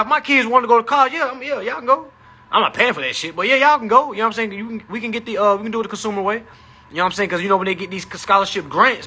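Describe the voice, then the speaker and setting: A man with a high, very bright voice, talking on a live stream. His tone is husky and a little rough. He speaks casually and animatedly, with plenty of profanity and a preachy tone.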